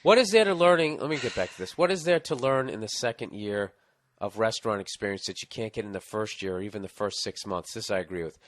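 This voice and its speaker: A man's voice: on the low side, quick pace, slight background noise. Profane ranting man on a podcast. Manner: profane, ranting, animated storytelling. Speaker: podcast host. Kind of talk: casual comedic podcast chat, reading a listener letter.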